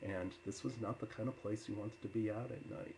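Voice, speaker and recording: A man telling personal stories to an audience with many filler uhs, turning loud and animated when he quotes himself. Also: fairly low pitch, a little fast, creaky, background noise. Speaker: storyteller. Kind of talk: personal storytelling talk.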